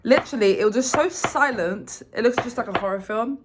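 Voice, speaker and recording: A woman's voice: a little high, fairly quick, background noise. Rambling young woman recapping a game. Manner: rambling, excitable retelling with many fillers. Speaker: vlogger.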